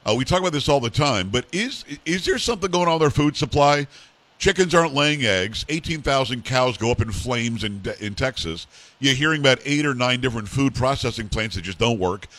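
A man's voice: mid-range voice, animated, brisk, fairly bright tone, no room sound. A man hosting a talk show, rambling and playful as he puts questions to his guest. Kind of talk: casual interview chat.

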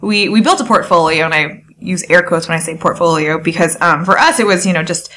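A young woman guest on a podcast, chatting and telling her story in an animated way, acting out past conversations. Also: on the low side, brisk, a little hiss or hum. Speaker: podcast guest, wedding photographer. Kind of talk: casual interview chat.

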